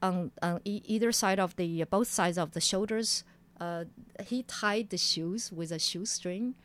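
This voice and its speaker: A woman's voice: mid-range voice, unhurried. A woman, recounting her past as an interview guest and acting out voices as she goes. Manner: animated, acts out quotes in a raised voice. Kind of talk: personal storytelling in an interview.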